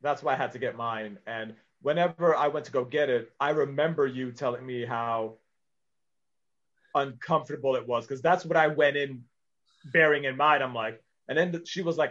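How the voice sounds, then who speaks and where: A man with a mid-pitched voice tells a wry story in a relaxed chat, quoting what others said. The recording sounds slightly dull and muffled. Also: normal speed. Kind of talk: casual chat.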